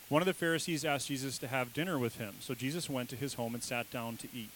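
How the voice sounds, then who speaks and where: A man's voice: mid-range voice, fairly bright tone, slight background noise, rough recording. A man, a father, preaching a sermon in a casual, joking, conversational way. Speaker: pastor.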